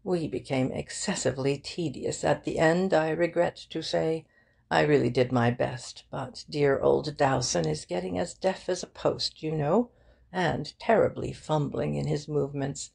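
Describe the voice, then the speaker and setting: Woman playing male barrister, effusive, emphatic, chatty, gravelly, unhurried. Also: low-pitched, darkish tone, full character voice.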